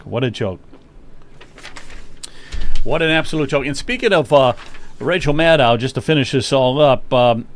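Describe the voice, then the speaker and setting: A man hosting a casual political talk show, emphatic and repeating his exclamations. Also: mid-range voice. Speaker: host.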